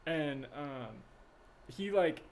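A man's voice: fairly high pitch, drawn-out words. A man in his late twenties from Florida, a comedian guest telling rambling, crude stories in a casual podcast chat. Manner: rambling storyteller, crude, swears freely.

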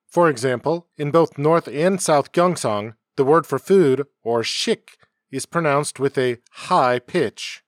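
A man hosting a homemade educational podcast, reading a scripted narration at a measured pace. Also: medium pitch, no room sound, studio quality. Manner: measured, explanatory delivery. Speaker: podcast host. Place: home setup, dry sound.

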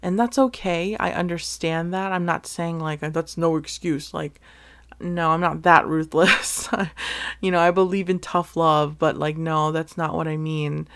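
Slow, earnest woman podcaster. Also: fairly low pitch, fairly even intonation, fairly bright tone, clean tone. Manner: earnest and emotional, casual swearing, frequent restarts. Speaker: podcast host. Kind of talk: casual solo podcast monologue.

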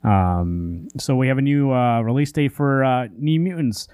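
Unhurried and mid-range, this man's voice is clear, resonant and a little mellow, recorded at studio quality with no room sound. He co-hosts a comic book podcast, ranting in exasperation through casual, rambling talk packed with fillers and restarts.

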